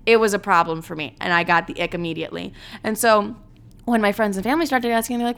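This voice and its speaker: A woman's voice: mid-range voice, steady tone, fast, a bit bright, smooth. A young woman telling a dating story in casual chat, blunt and profane, with lots of "like" and dramatic retellings.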